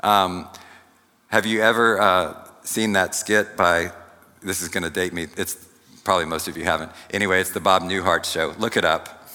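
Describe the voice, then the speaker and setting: A man preaching a sermon in a church hall, speaking slowly and deliberately and turning to the congregation with asides. His voice sits a little low but carries a bright, forceful edge. A long reverb trails each phrase. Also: fairly even intonation. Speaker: pastor.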